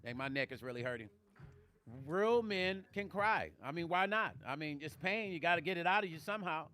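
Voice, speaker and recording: Grieving male livestream host, slightly high, bright voice, soft music behind, heartfelt. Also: expressive, fairly quick. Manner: tearful, heartfelt, reads chat comments aloud. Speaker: livestream vlogger reading viewer comments. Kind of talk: emotional livestream talk.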